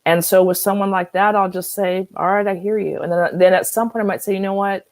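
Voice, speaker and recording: A woman hosting an online wellness workshop, speaking calmly and acting out sample phrases for difficult conversations. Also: mid-range voice, no echo, low-quality recording. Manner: calm, measured, acts out sample phrases. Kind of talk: live online workshop talk.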